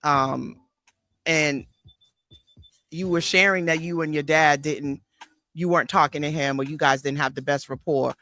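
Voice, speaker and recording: A woman's voice: low voice, fairly even intonation, a little slow, pauses often, sharp tone, no echo. A woman therapist and life coach hosting a podcast, thoughtfully recalling a past conversation on a video call. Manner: reflective, thoughtful recollection. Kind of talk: casual interview conversation.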